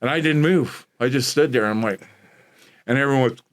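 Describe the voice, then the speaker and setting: A man's voice: medium pitch, fairly quick. A man from Canada, a former hockey enforcer, telling fight stories as a podcast guest, swearing constantly and laughing through them. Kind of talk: casual storytelling, profane.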